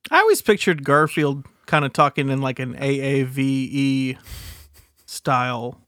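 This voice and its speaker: A man co-hosting a podcast in a casual, comedic chat, making wry, deadpan jokes. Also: mid-range voice, measured pace, dry recording, studio quality.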